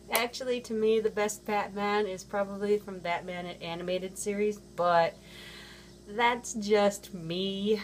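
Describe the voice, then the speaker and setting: A woman chatting casually to her camera, wandering from point to point and filling gaps with ums and you-knows. Her voice sits at an ordinary middle pitch. A faint hiss runs under the recording. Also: fairly even intonation, a little slow. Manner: rambling, chatty, with many fillers and restarts. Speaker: vlogger. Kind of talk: casual chat.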